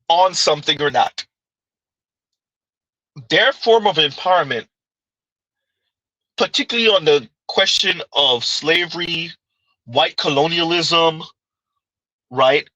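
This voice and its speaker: A man's voice: a little high, lively intonation, slow, long pauses, bright, forceful tone, dry recording, muffled recording. A man giving casual livestream commentary, arguing his point with pointed rhetorical questions and reading chat comments aloud.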